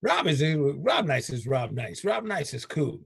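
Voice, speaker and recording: A male radio host with a gravelly, husky voice that swings widely in pitch as he riffs emphatically. He sits close to a dry mic and talks casually with his co-host. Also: a little slow, dry recording. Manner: animated, emphatic, laughing, puts on voices.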